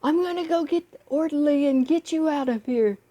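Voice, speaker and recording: Woman doing a crotchety old man, querulous, pleading, pitched up high. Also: a little fast, warm tone, highs cut off, close to an everyday voice. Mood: angry. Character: desperate crotchety old man in a retirement home.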